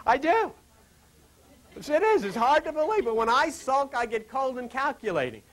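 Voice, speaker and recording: Animated, high-voiced man teaching a group. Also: brisk, rough recording. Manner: animated and rambling, with direct questions to listeners; chuckles through joking asides. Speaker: spiritual teacher. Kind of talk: informal spiritual lecture to a small group.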